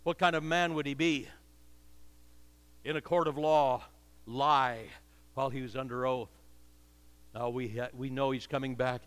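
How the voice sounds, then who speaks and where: A man's voice: medium pitch, steady tone, measured pace, long pauses, a bit bright, clean tone. An older man preaching a sermon with impassioned, repetitive cadences, heard with long reverb in a hall.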